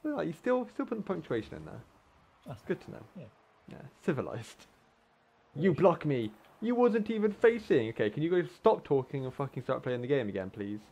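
Gravelly, lively, sweary gamer guy. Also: mid-range voice, brisk. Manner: sweary, sarcastic banter at teammates; frequent exclamations and laughs. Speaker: gamer commentating his own play. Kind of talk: casual gameplay commentary.

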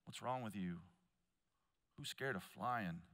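A man preaching at a conference, telling stories with loud emphatic bursts and quiet low asides. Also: slow, clean tone. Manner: storytelling, swings between loud emphasis and hushed low asides. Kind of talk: conference sermon. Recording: long hall reverb.

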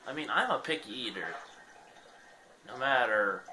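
A man's voice: medium pitch, expressive, a little slow, sharp tone, a little hiss or hum. A young man giving casual gameplay commentary, rambling and self-deprecating. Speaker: gaming channel host.

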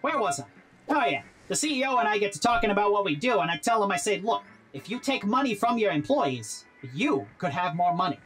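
A slick, scheming robot crook, voiced by a woman for a game, breezy and self-assured as he spins his schemes. His voice rides up and down with lively, animated swings in pitch. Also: brisk, music in the background, close to an everyday voice, poor audio. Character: smooth-talking crooked robot businessman, scheming. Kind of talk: game character dialogue.

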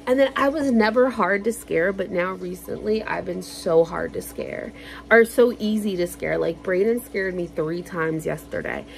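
A woman vlogger telling stories in a casual, animated way, swearing freely and acting out quotes loudly. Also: fairly low pitch, normal speed, vocal fry, slight background noise. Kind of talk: casual storytelling.

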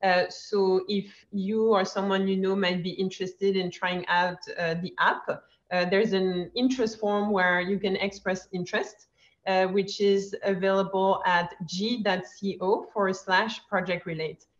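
A woman's voice: mid-range voice, steady tone, measured pace. A woman presenting a product update on a video call, hesitant with many fillers. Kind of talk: virtual conference update. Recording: dull lo-fi video call audio.

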